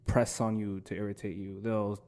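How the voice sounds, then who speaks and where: A man's voice: fairly low pitch, little pitch movement, normal speed, a little mellow. A man speaking as a guest on a podcast, telling personal stories in a loose, emphatic way. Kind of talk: casual conversation.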